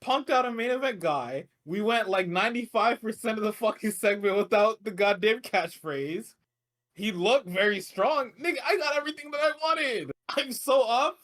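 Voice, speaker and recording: A man's voice: sits high, animated, moderate pace, a bit bright. A man co-hosting a casual wrestling podcast, incredulous and laughing, quoting wrestlers word for word. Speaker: podcast co-host. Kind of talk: casual wrestling recap chat.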